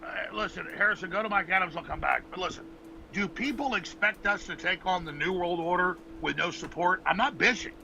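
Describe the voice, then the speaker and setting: A man's voice: high voice, brisk, gravelly, a crowd in the background, rough recording. A man hosting a show, ranting intensely and pleading with his audience, repeating himself and swearing. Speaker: host. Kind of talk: impassioned ranting monologue.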